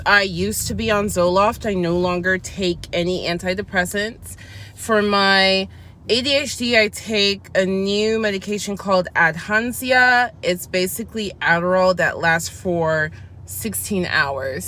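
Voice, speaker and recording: A woman's voice: medium pitch, pushed and bright. A woman vlogger talking candidly in a casual chat review, acting out her side of conversations as she tells them. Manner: chatty and candid, acts out her side of dialogues.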